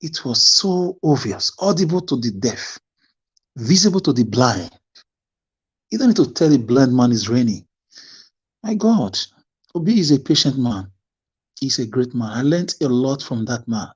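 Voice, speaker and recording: A man's voice: mid-range voice, slightly rough, lo-fi sound. A Nigerian man speaking fervently in an online discussion, preaching and repeating phrases for emphasis. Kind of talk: impassioned discussion.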